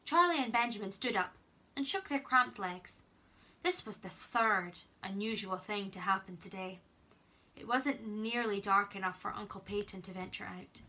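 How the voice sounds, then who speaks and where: Bright young woman reading a storybook. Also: medium pitch, normal speed. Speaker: camp counselor reading aloud.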